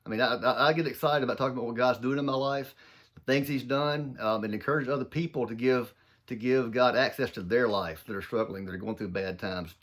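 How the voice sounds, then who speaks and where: A man from southern Mississippi with a thick Southern accent, giving an informal, earnest faith talk. He talks fast, slurs words together and repeats himself as he speaks. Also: medium pitch, fairly bright tone. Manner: earnest, folksy, addresses listeners as y'all. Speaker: Christian speaker.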